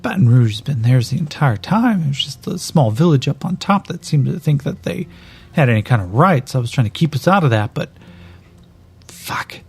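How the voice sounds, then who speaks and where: A man's voice: mid-range voice, very animated, a little fast, darkish tone, husky, exaggerated voice. A man voicing a furious, scheming older male mayor who rants and swears bitterly.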